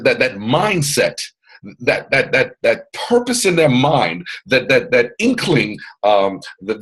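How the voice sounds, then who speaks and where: A man's voice: mid-range voice, fairly bright tone, slightly rough, rough recording. A man leading a motivational training session on a video call, boisterous and strong in his delivery, repeating phrases like a preacher. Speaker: mentor hosting a training call.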